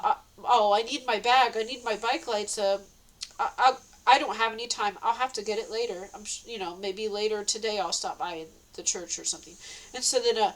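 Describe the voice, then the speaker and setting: Woman, casual storytelling vlog; rambling, restarts often, slightly high voice, breathless retelling. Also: fairly bright tone, rough recording. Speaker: vlogger.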